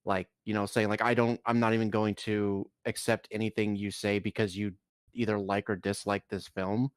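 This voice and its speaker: A man's voice: on the low side, little pitch movement, normal speed, smooth, dry recording, studio quality. A man co-hosting a stream, reacting to a video with blunt, profane rants. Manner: blunt, swears a lot, ranting. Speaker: stream co-host. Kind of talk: casual chat reacting to a video.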